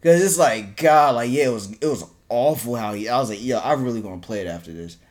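A man co-hosting a casual podcast chat, animated, repeating himself and laughing often. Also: mid-range voice, quick pace. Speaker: co-host.

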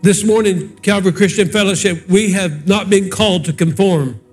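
Folksy high-voiced pastor man. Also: normal speed, soft background music. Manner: folksy, conversational storytelling. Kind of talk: sermon with storytelling and prayer.

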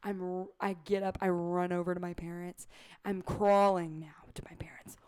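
A young woman co-hosting a podcast in casual chat, with a raspy voice and a loud, animated way of telling stories. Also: fairly low pitch, moderate pace. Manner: loud, animated storytelling with sudden squeals. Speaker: podcast co-host.

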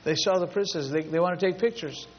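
Male pastor, fairly high voice, emphatic storytelling preacher; dull lo-fi recording with long hall reverb. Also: fast talker, husky. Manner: emphatic, builds long repetitive lists. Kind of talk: storytelling sermon.

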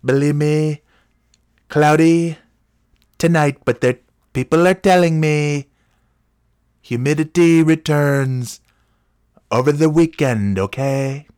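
A man's voice: fairly high pitch, slow, pauses often, darkish tone, clean tone, voice pushed up. A man doing a brash boastful TV weatherman. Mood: blustery. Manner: blustery, repeats reassurances.

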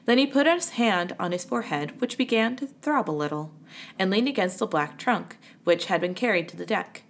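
A woman reading a children's storybook aloud with an expressive delivery. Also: medium pitch, normal speed. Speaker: reader.

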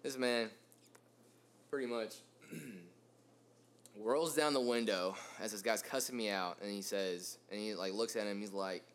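A man in his twenties telling a rambling, animated story in casual podcast chat, full of fillers. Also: on the low side, unhurried, long pauses, clean tone. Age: 20s. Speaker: podcast host.

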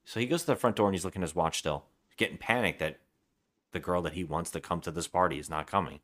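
A man's voice: low voice, fast talker, fairly bright tone. A man co-hosting a casual podcast, retelling a film's scenes and acting out the characters' lines as he goes. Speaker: podcast co-host. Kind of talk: casual movie-review chat.

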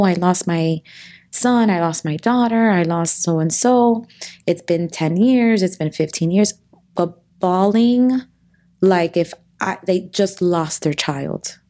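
A woman in her thirties speaks as a guest in a heartfelt podcast conversation, her voice sitting a little low. She talks earnestly and openly, often breaking off and restarting her sentences. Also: darkish tone.

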